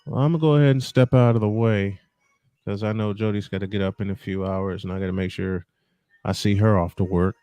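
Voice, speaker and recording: A man on a podcast chat, talking in a halting, grateful way and repeating his thanks. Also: fairly low pitch, steady tone, mellow, no room sound. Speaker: podcast guest.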